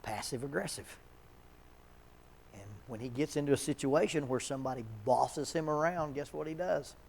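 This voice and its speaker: A man leading an addiction seminar at a church, talking in a relaxed, conversational way, telling stories and chuckling often. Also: a little high, moderate pace, creaky, a little hiss or hum. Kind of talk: casual seminar talk.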